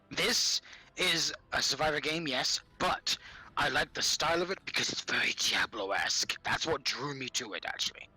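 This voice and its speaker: A man's voice: a little high, animated, moderate pace, sharp tone, slightly rough, low-quality recording. A man with a non-native English accent co-hosting a casual gaming podcast, laughing often and swearing freely. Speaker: podcast co-host.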